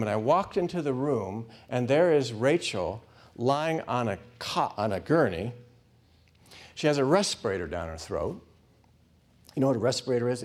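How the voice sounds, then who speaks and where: A man's voice: medium pitch, a little mellow. Middle-aged guy telling a hospital chaplain story to his class, goes dramatic, drops to a whisper sometimes.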